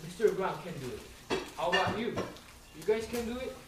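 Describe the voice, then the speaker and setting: A high school student reading a picture book aloud to young children, slow and careful, with sound effects. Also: expressive. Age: teens. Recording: echoey, distant, noisy.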